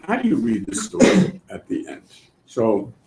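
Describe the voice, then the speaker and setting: A man teaching a Torah class in an animated way, acting out voices and laughing often. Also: medium pitch, moderate pace, vocal fry, background noise. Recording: echoey room.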